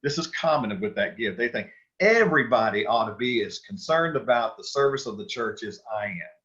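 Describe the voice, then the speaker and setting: A man's voice: medium pitch, animated, fairly quick, fairly bright tone, lo-fi sound. A man teaching a church Sunday school class, talking casually with restarts and questions to the group. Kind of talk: Bible study lesson.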